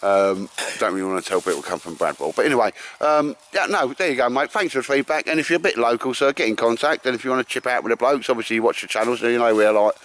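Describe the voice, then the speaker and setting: Speaking quickly with few pauses, a man with a mid-range, fairly bright voice and an Essex accent chats to camera in the woods. He's a bushcraft vlogger, rambling casually and matily, calling everyone mate.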